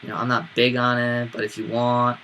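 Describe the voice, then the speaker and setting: A college-age man rambles through a story in a casual vlog, his voice bright and forward. He stumbles, restarts and fills gaps with "you know" and "like". Faint ambience hums under the recording. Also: medium pitch, monotone, brisk, slight background noise. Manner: rambling, lots of fillers and restarts. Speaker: vlogger.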